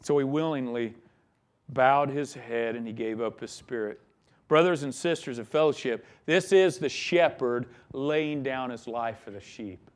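High-voiced man preaching with fervor. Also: expressive, measured pace. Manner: emphatic preaching, rising and dropping in volume. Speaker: pastor. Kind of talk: sermon.

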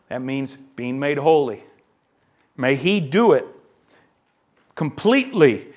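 A man preaching a sermon, reading scripture aloud and acting out the voices in it, swinging between quiet asides and loud emphatic lines. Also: on the high side. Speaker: pastor.

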